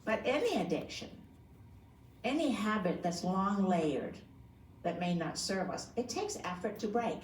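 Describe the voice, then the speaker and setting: A woman yoga teacher gives a conversational talk to a group in a community room, frequently asking them questions. Her mid-range voice is sing-song and measured in pace. Picked up by a distant mic, the room sounds echoey, with a little hiss or hum.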